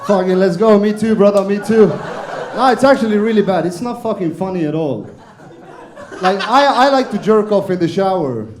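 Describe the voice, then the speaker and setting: A man's voice: high-pitched, animated, moderate pace, a little mellow. A man with an Eastern European accent doing a crude, self-deprecating stand-up set. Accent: non-native, Eastern European. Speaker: stand-up comedian. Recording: roomy club stage.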